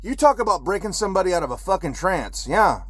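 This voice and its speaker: A man's voice: high-pitched, sing-song, fast. A man who is a military veteran, telling a story in an agitated, profane ranting monologue.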